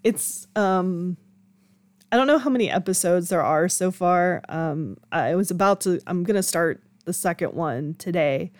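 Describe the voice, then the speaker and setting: A woman's voice: on the low side, a little slow, darkish tone, dry recording. A young woman hosting her own podcast, chatting candidly with frequent laughs and casual swearing. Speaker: podcast host. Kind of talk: casual solo podcast chat.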